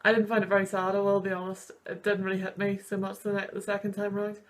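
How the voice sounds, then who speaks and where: This video host, a university student in her twenties, offers gushing, wandering commentary on sad scenes from films, sniffling as she goes. Her medium-pitched voice is quick-paced and flat in delivery.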